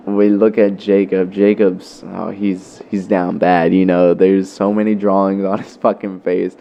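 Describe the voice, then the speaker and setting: A man's voice: sits low, highs cut off, slight background noise. A young man vlogger telling a story in a loose, profane way, full of fillers. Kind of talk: casual storytelling.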